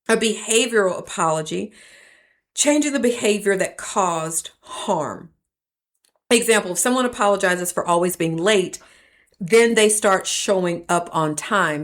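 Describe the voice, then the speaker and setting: A woman, hosting a faith-based teaching talk and addressing listeners as "y'all" in an earnest, preacher-like way. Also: mid-range voice. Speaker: podcast host.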